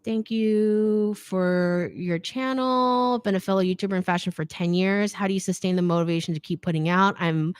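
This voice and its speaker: A middle-aged woman hosting a casual livestream Q&A, reading comments aloud, chatty and quick to laugh, saying "like" a lot. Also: lowish voice, level tone, smooth, dry recording. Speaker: fashion YouTuber hosting a live Q&A.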